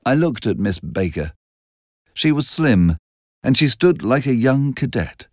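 A male storyteller reading a novel slowly and deliberately. His pitch moves a lot, and the sound is dry and close. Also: very animated, no room sound. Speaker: audiobook narrator. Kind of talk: storybook narration.

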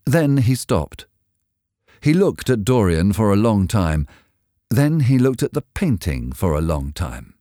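A man narrating a story in a measured, expressive reading. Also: lowish voice, dry recording, studio quality.

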